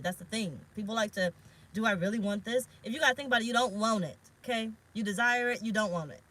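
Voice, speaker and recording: A bright-voiced woman tarot reader talks straight to her viewers in a loose, rambling way. She is frank and swears casually as she speaks. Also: a little high, rough recording. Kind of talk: casual spiritual vlog talk. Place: parked car.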